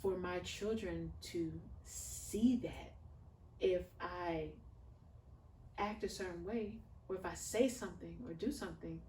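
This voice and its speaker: A woman in her thirties talks earnestly about faith and raising children, rising and swelling as she speaks. Her voice sits fairly low and sounds a little distant from the mic. The room is echoey, with faint noise in the background. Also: unhurried, dark tone. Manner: earnest, heartfelt, preacher-like storytelling. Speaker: podcast guest. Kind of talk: casual conversational interview.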